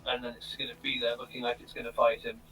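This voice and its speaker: A man playing a tabletop game, thinking aloud in a halting, casual way. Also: mid-range voice, completely flat delivery, sharp tone. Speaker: player. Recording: distant mic with faint music.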